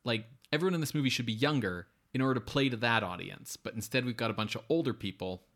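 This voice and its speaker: A man's voice: mid-range voice, quick pace, fairly bright tone. A man talking through a bad movie with a co-host, casual and sardonic. He rambles, leans on "like" constantly and restarts his thoughts. His voice sits in an ordinary middle register. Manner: rambling, filler-heavy, sardonic. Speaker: podcast co-host. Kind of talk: casual movie review chat.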